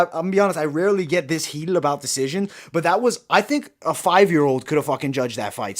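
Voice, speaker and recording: A man hosting a live fight-night stream, chatting with viewers and ranting heatedly about the judging, with lots of swearing. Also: a little high. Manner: reads and answers viewer comments. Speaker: livestream host. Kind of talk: live fight commentary chat.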